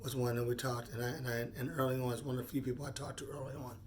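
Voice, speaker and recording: A man's voice: mid-range voice, level tone, slight background noise. Earnest man in his forties, thinking aloud. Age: 40s. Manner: earnest, halting, repeats words while thinking. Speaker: vlogger. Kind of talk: unscripted personal monologue.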